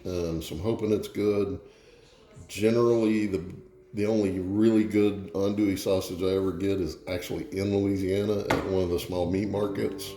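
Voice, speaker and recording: A man's voice: low-pitched, fairly even intonation, normal speed, dark tone, roomy sound. A man hosting a casual cooking demo in a home kitchen, chatty and easygoing, telling a joke along the way.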